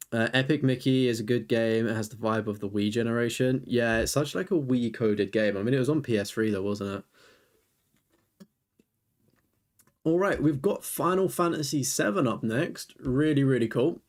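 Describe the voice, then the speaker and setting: A man's voice: medium pitch, a little slow, darkish tone. A young man chatting casually on a live stream, rambling as he reviews viewers' lists and answers chat.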